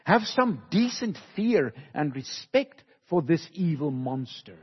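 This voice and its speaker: A man preaching a sermon slowly and emphatically, with dramatic pauses, recorded in a church hall. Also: on the high side, very animated, husky. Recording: dull, lo-fi recording with long hall reverb.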